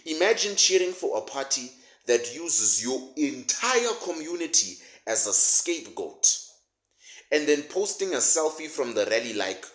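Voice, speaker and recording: Male commentator, mocking comedic rant, animated delivery, roomy sound. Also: medium pitch. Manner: sarcastic, mocking, laughs at his own jokes. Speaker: political commentator. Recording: roomy echo.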